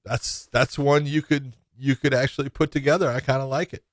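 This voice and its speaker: A man co-hosting a sports podcast, talking in an animated, storytelling way and often poking fun at himself. His voice sits at a medium pitch, recorded close and dry with no room sound. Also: fairly quick, no room sound. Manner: animated storyteller, acts out quotes. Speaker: podcast co-host. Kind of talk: casual sports chat.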